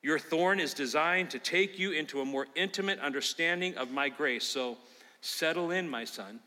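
A male pastor preaching a sermon to his congregation, emphatic and swinging between loud calls and hushed appeals. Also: a little high, normal speed. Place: church sanctuary. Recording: reverberant church hall.

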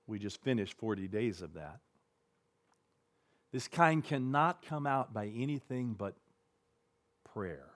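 In a medium-pitched voice, a man preaches as a pastor, telling a biblical story with vivid detail. He alternates between a hushed tone and a forceful, emphatic one.

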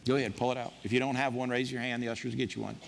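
A man's voice: medium pitch, little pitch movement, rapid-fire, gravelly, big-room sound, slight background noise. A man preaching to his congregation in an emphatic, punchy style, with lots of repetition. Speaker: pastor. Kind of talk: sermon. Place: church sanctuary.

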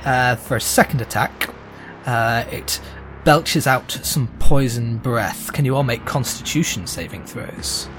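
A man running a tabletop game as game master, narrating scenes at a measured pace with frequent fillers. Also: mid-range voice, over music.

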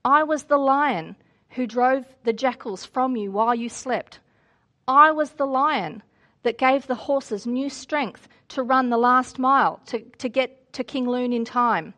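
A woman voicing a vast, patient male lion who speaks slowly, with reverent emphasis. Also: high-pitched, pushed and bright. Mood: solemn.

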